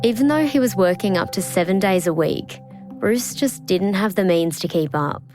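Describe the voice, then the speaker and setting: A woman narrating a true-crime podcast in a measured, scripted delivery. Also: medium pitch, lively intonation. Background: music bed.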